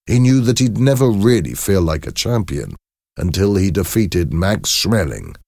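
A man reading a story aloud as narrator, in clear, measured storytelling with dramatic emphasis. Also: low voice, very animated, a little mellow, no room sound, clean studio sound. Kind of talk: scripted audiobook narration.

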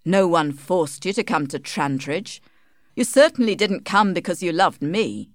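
An arrogant young gentleman, read by a woman, pushing and careless, his lines louder and a touch higher than the telling around them. The voice sits low for a woman, dry and close. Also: expressive, a little slow, no room sound. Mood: offhand. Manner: demanding, offhand, mocking.

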